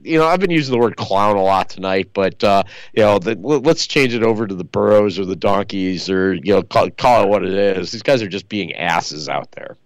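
A man's voice: low-pitched, expressive, brisk, few pauses, no echo, poor audio. A man co-hosting a sports talk radio show, chatting casually and rambling with lots of fillers. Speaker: co-host.

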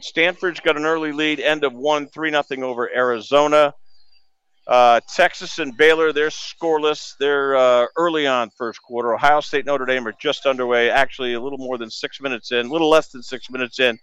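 Male sports radio host, energetic score rundown, smooth and resonant, dry close studio mic. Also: medium pitch, brisk, dry recording, highs cut off.

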